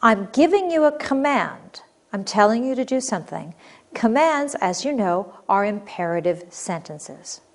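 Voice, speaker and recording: Reading sample sentences with clarity and expression, a female teacher then explains each one in a recorded grammar lesson. She speaks in a mid-range voice with lively intonation, a little slowly.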